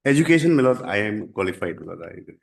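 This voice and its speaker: A man with an Indian English accent arguing his own case before a judge, formal and deferential, pausing often and saying "my lord" again and again. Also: lowish voice, big pitch swings, vocal fry. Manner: halting, deferential, repeats 'my lord' constantly. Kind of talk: formal courtroom submission.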